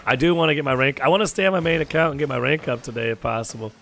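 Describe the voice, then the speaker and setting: A young man with a hoarse, sore throat, chatting casually with viewers while streaming a game and swearing freely. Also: mid-range voice, very fast, fairly bright tone, slight background noise. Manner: chatty, swears freely, calls people dude. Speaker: gaming streamer. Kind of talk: casual gaming chat with viewers. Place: home gaming setup.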